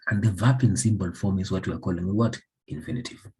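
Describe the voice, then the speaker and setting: A man's voice: sits low, steady tone, fast talker, mellow, breathy edge, rough recording. A man from Somalia, teaching an English grammar lesson by repeating example sentences and asking the class questions.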